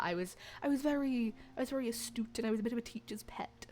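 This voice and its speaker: A woman's voice: on the high side, a little fast, few pauses, a little mellow, faint music behind. A young woman chatting playfully with her stream viewers, rambling and giggling. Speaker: livestreamer. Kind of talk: casual chat with viewers.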